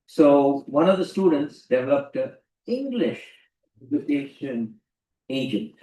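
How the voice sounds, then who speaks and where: A man's voice: medium pitch, big pitch swings, slow, dark tone. A man giving an emphatic lecture to students, often repeating key phrases. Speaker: guest lecturer. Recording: roomy hall, distant mic.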